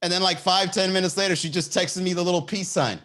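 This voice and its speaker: A young man hosting a comedy podcast, telling a dating story with lots of swearing and high-pitched impressions. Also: quick pace. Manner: animated, swearing, acts out voices in a high pitch. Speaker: podcast host.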